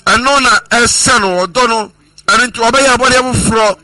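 Male preacher, high and very bright voice, measured sermon delivery, dry close sound. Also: dry recording, rough recording. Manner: measured preaching with scripture citations and repeated refrains.

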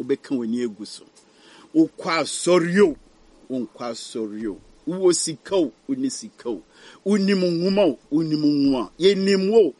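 A man preaching a sermon, his voice swinging between loud dramatic peaks and hushed low passages. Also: slightly rough. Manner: switching between English and Twi, dramatic rises and drops.

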